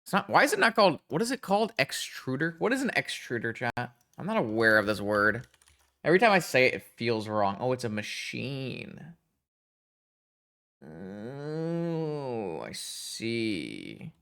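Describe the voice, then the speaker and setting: A man giving casual live-stream gameplay commentary, thinking aloud and talking to his chat in a chatty, excitable way. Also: mid-range voice, brisk.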